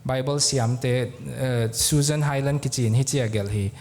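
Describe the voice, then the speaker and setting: A man with a Zomi accent preaching a sermon as pastor in a church, telling a story slowly and earnestly with pauses. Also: mid-range voice, darkish tone, a little hiss or hum.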